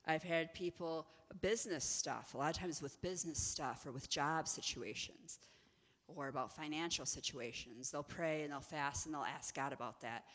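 A woman giving an inspirational teaching talk, animated and acting out the people in her stories. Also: low-pitched, normal speed, in a large hall. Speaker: ministry executive director.

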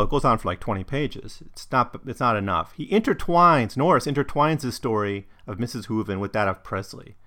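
A man's voice: mid-range voice, fairly bright tone. Guy chatting about a book he's reading, lots of ums, kinda thoughtful. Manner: thoughtful, with frequent ums and restarts. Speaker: book reviewer. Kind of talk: casual book discussion and reading aloud.

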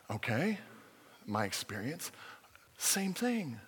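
Animated male pastor in a reverberant hall. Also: on the high side, moderate pace, breathy edge. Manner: animated, jokey preaching with acted-out quotes. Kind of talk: sermon.

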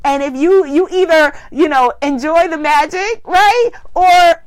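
A woman hosts a spiritual group call, giving an animated, preacherly talk that affirms her listeners. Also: very high-pitched, a little slow, dry recording. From Guyana. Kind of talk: inspirational live talk.

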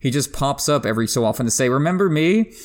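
A man hosting a book discussion podcast, giving enthusiastic literary analysis, pushing his pitch up sharply for emphasis and laughing now and then. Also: fairly even intonation, rapid-fire. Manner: laughs while talking. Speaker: podcast host.

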